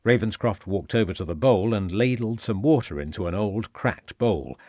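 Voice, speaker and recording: Low-voiced male audiobook narrator. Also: normal speed, no echo. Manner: steady storytelling with dialogue tags. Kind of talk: scripted narration.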